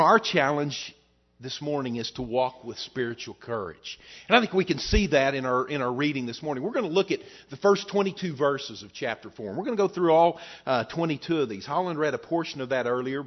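A male pastor preaching a sermon to his congregation, telling a story in a folksy way with frequent fillers. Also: mid-range voice. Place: church service before a congregation. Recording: dull lo-fi sound.

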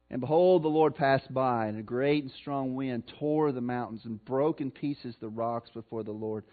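A man with a Missouri accent preaching a sermon, swinging between loud emphasis and soft, slow passages. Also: medium pitch. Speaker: pastor. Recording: tinny phone-like sound.

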